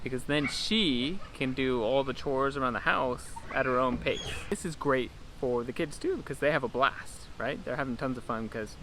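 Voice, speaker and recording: A man's voice: medium pitch, normal speed, hardly any pauses, sharp tone, slight background noise. A young American man from California, chatting casually in a vlog with a laid-back, rambling way of talking. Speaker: vlogger.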